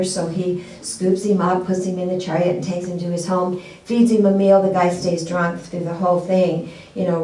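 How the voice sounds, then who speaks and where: A woman's voice: on the low side, warm tone, echoey room, recorded from a distance, low-quality recording. A woman pastor giving a sermon in a conversational way, asking the congregation questions and telling a story.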